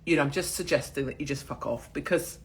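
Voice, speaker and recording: A woman's voice: rumbling low, fast, a little hiss or hum. A woman in her forties with an English accent, ranting to camera in a blunt, profane and mocking casual monologue. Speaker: channel host. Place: in Miami.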